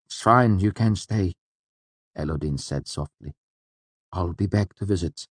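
A man voicing a stern university master who speaks calmly and curtly, at times dismissive. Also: sits low, a little slow, husky, dry recording. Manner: calm, curt, dismissive.

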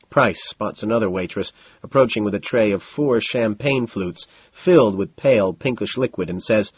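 A man narrating an audiobook in the first person, deadpan and detached, on a dull lo-fi recording. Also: fairly low pitch, normal speed, hardly any pauses, breathy edge, dry recording.

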